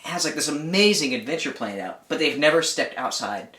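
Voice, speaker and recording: A man's voice: fairly high pitch, lively intonation, brisk, bright, forceful tone, reverberant. A man co-hosting an outdoor gear channel, chatting casually and rambling a little with lots of "like". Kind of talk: casual chat.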